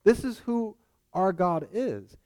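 A man's voice: high voice, expressive, slow, dark tone. A man preaching a sermon in a casual, conversational way, often checking in with his listeners. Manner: conversational, frequent "right?" asides.

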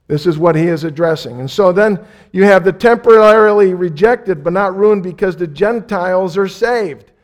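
High-voiced preacher repeating his points. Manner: repeats key phrases for emphasis, acts out quoted voices. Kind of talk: sermon.

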